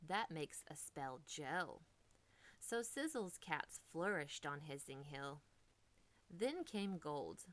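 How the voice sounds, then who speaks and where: A woman reading a children's storybook aloud, expressive and dipping into whispers for drama. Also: low-pitched, takes it slowly.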